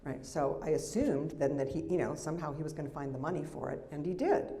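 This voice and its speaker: The older American memoirist talks quickly here, her low-pitched voice mellow as she reads to a live library audience. She uses a handheld or stand mic and slips in wry, chatty remarks.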